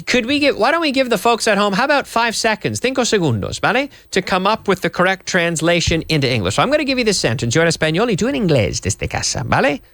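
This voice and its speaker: Male English teacher from Canada, TV lesson, highly expressive pitch, dry booth. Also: no echo. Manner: lively, spells words out, mixes in Spanish.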